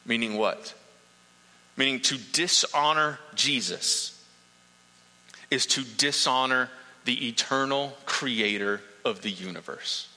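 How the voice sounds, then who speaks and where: A man's voice: medium pitch, takes it slowly, pauses often, bright, forceful tone, big-room sound, rough recording. A man preaching a sermon, earnest and emphatic, building points through repetition.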